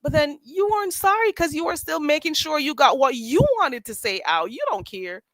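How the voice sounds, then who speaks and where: A woman hosting a livestream, chatting in a sassy, animated way and laughing often. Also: high-pitched, moderate pace, no echo. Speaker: livestream host. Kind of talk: casual commentary chat.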